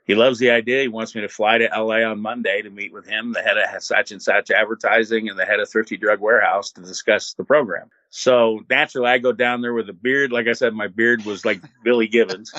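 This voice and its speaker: An older man, a former radio host, telling stories as an interview guest in an animated, laid-back way and acting out what people said. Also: lowish voice, fairly quick, few pauses, no echo, highs cut off. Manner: animated, laid-back storyteller who acts out quotes. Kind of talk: casual storytelling.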